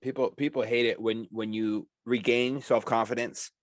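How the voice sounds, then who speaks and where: A man hosting an interview, responding with measured, supportive comments. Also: medium pitch, steady tone. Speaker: podcast host. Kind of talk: interview conversation.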